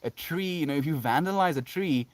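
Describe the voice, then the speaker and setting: A man's voice: on the high side, fairly quick, no room sound. Dreamy South African man streaming. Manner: dreamy, spiritual musing, laughs often. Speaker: live streamer. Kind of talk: casual live-stream chat, reading comments.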